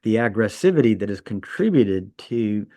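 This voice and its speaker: A man's voice: fairly low pitch, big pitch swings, normal speed, mellow, no room sound, clean studio sound. A man co-hosting a podcast, a trauma surgeon telling stories in casual chat and laughing at his own jokes.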